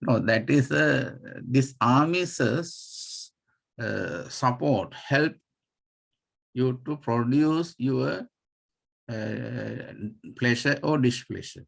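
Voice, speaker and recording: Slow, gravelly Sri monk teaching. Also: male voice, medium pitch, expressive. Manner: patient, spells out terms letter by letter, many fillers. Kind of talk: slow dharma class lecture.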